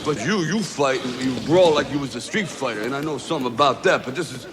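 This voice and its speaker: Guy doing a rough street-talking boxing coach, yelling, loud gym crowd behind, film clip. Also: mid-range voice, quick pace, lightly acted. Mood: stern. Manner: shouting orders, rough street grammar. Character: gruff middle-aged male boxing trainer.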